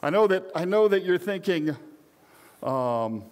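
A man's voice: high voice, lively intonation, unhurried, darkish tone. An older man preaching a sermon to his congregation, conversational and rambling, with frequent restarts and asides. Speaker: pastor.

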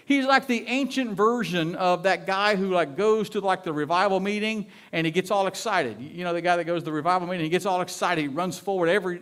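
Animated, chatty male pastor. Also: high voice. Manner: animated, chatty, repeats words. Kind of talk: sermon.

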